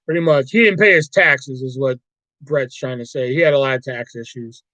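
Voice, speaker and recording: A man's voice: mid-range voice, normal speed, pushed and bright, dry recording, dull audio. A man hosting a livestream, chatting casually about movies in a rambling, profane way. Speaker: livestream host.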